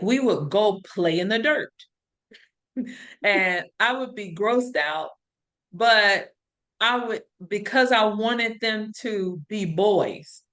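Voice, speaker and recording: A woman's voice: mid-range voice, fairly bright tone. A middle-aged woman hosting a podcast, telling stories in an earnest, reflective way in casual conversation. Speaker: podcast host.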